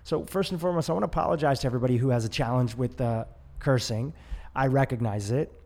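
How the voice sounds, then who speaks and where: A man's voice: mid-range voice, fast talker, a little mellow. A man hosting his own podcast, talking casually in a solo monologue, correcting himself as he goes and getting livelier when he acts out inner doubts. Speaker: podcast host.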